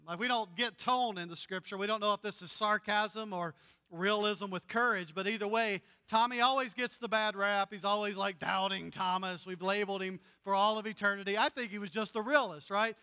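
A male pastor delivers a storytelling sermon with a high, bright voice that rings with clarity. He talks in an animated way and acts out the voices of the people in his stories. His words echo with the long reverb of a church hall. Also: normal speed, clean tone.

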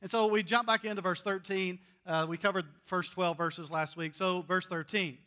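Bright-voiced preacher man. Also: sits high, normal speed, long reverb tail. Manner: conversational, joking, animated Bible reading. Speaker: pastor. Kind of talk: sermon.

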